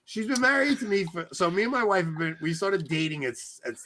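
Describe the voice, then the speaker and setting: A man in his forties co-hosting a podcast, talking loudly and excitably, joking around in casual chat. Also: sits high, fairly quick, slight background noise. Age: 40s. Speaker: podcast co-host.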